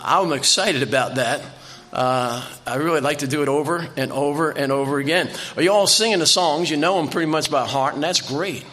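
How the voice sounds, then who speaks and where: A man's voice: fairly high pitch, a bit bright, a little hiss or hum. An older man preaching a sermon in a church, telling folksy stories and repeating phrases for emphasis. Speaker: visiting preacher.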